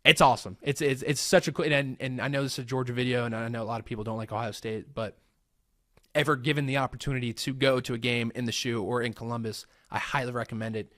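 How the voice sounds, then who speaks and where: A young American man chats loosely and rambles through his answers, circling back with fillers and restarts. His voice sits at an ordinary middle pitch, and the recording is dry and close with no room sound. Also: fairly even intonation, fast, pushed and bright, dry recording. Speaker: host. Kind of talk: casual Q&A vlog.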